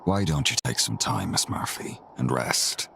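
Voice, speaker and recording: A very deep, gravelly gentleman. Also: sing-song, measured pace, a little hiss or hum, full character voice. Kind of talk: video game voice acting.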